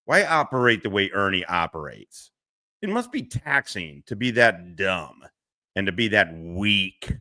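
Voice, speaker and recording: A man's voice: deep voice, sing-song, a little slow, no echo, clean studio sound. A middle-aged man hosting a profane, mocking commentary rant. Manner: profane, mocking, laughs loudly. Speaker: commentary host. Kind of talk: ranting commentary.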